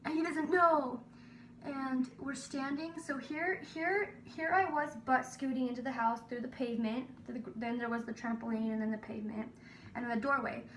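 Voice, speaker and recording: A young woman with a high voice tells an embarrassing story in a chatty, tumbling way. She sits a little back from the mic in a roomy space, with faint hiss behind her. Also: normal speed, recorded from a distance. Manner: animated, breathless storytelling with many "like" fillers. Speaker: vlogger. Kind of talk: storytelling vlog.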